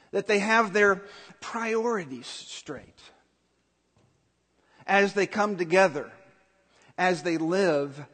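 High-voiced man preaching slowly in a hall. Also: fairly bright tone. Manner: earnest, emphatic preaching with repetition. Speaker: pastor. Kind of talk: sermon.

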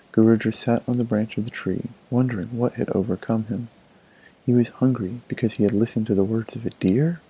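A male storyteller reads a folk tale in a measured, expressive way. His voice sits low, with a dark, mellow tone and a husky grain. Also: low-quality recording. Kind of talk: storybook narration.

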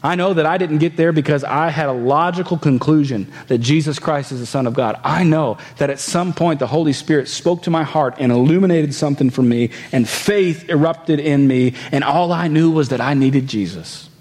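A man's voice: a little high, moderate pace, hardly any pauses, a little mellow. A man preaching a sermon in a conversational way. He reads scripture aloud, explains it, and puts rhetorical questions to the congregation. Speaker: pastor.

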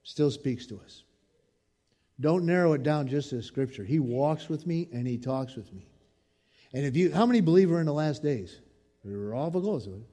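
A man preaching a sermon in an expressive, conversational way. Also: on the high side, normal speed. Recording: long reverb in a large hall.

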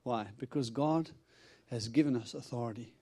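An itinerant preacher with a mid-range voice and normal pace gives a storytelling sermon to a congregation. He's animated, acting out quotes and laughing often.

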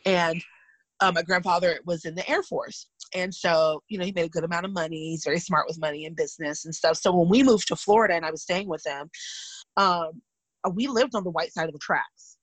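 Husky-voiced woman telling candid stories. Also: fairly low pitch, fairly quick, no echo, poor audio. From California. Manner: candid, animated retelling with vivid asides. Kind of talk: casual storytelling chat.

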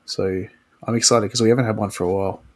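A man hosting a casual podcast, a few beers in and easygoing as he reads the announcements. His voice is husky and sits fairly low. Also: fairly even intonation, quick pace. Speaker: podcast host.

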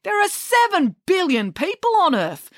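A woman voicing an eager, bossy young girl who talks excitedly and emphatically. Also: very high-pitched, normal speed, no room sound, studio quality, voice pushed up, exaggerated voice.

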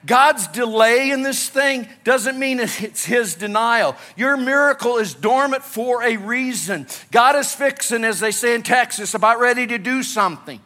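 A male pastor from Illinois, preaching an animated sermon that swings between loud urgency and quiet, hushed moments. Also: very high-pitched, a little slow, hardly any pauses.

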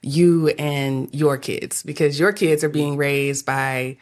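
A woman co-hosting a podcast interview, chatting in a relaxed way and laughing often. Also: low-pitched, slow. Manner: giggly, relaxed. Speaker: podcast co-host. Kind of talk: casual interview chat.

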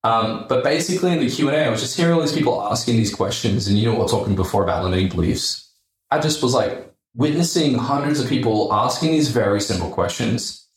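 A man with an Australian accent, a podcast guest telling a story casually, animated and swearing freely. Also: medium pitch, quick pace, roomy sound.

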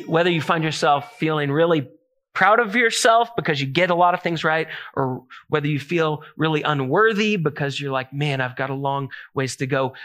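A pastor with a slightly high, somewhat bright voice preaches a sermon in a casual, conversational way. He weaves scripture together with self-deprecating stories about his family.

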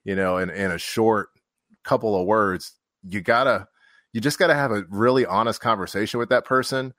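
Low-voiced fire officer telling a story. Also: male voice, moderate pace, a bit bright, no echo, studio quality. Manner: candid, swears casually, acts out quotes. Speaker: podcast guest, fire officer. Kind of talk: storytelling in casual conversation.

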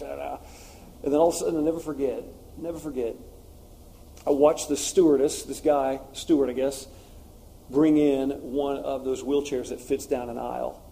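A man's voice: mid-range voice, fairly even intonation, a little fast, dark tone. A man preaching a sermon, telling personal stories in an earnest, confessional way with frequent fillers.

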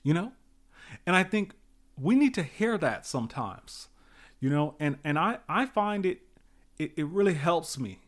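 A man's voice: a little high, big pitch swings, unhurried. A man giving a casual motivational talk, emphatic and repetitive, with many fillers.

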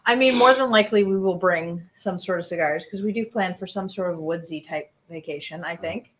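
A woman talking as a guest on her husband's show in a relaxed, easygoing and slightly hesitant way. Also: fairly low pitch, brisk, background noise. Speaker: guest, host's wife. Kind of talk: casual chat.

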